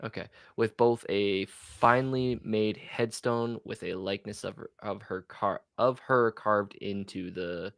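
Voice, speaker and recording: A man's voice: on the low side, steady tone, a little slow, creaky, few pauses, a bit bright, dry recording. A man co-hosting a podcast, reading ghost stories aloud and stumbling over some words. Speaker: podcast co-host.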